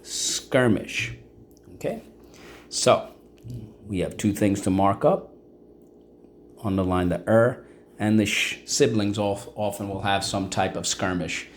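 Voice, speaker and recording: Man teaching vocabulary, lowish voice. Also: a little hiss or hum. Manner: encouraging, checks in with frequent "okay?". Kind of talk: vocabulary and phonics lesson.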